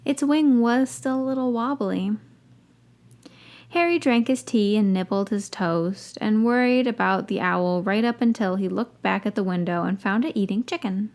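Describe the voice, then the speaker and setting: A woman's voice: mid-range voice, moderate pace, a little mellow. A woman hosting a podcast, reading a story aloud and breaking off for wry, dry asides. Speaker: podcast host reading fan fiction.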